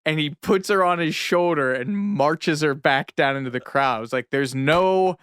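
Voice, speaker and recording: A man co-hosting a podcast, with a smooth, resonant voice and a relaxed, enthusiastic manner. He chuckles as he tells his stories. The recording is dry and close. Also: on the high side, moderate pace, no echo. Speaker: podcast co-host. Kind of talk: casual chat.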